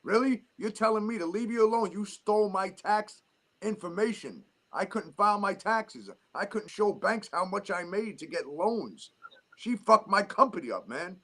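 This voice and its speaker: A man's voice: high voice, expressive, normal speed, fairly bright tone. A middle-aged man with a New York accent, ranting heatedly and cursing in a casual chat.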